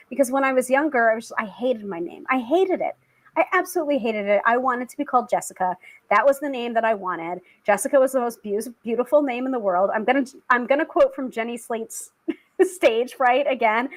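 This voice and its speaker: A woman's voice: on the high side, low-quality recording. A young woman hosting a tarot live stream, talking in a chatty, casual way with frequent laughs and fillers. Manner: chatty, laughs often, many fillers and restarts.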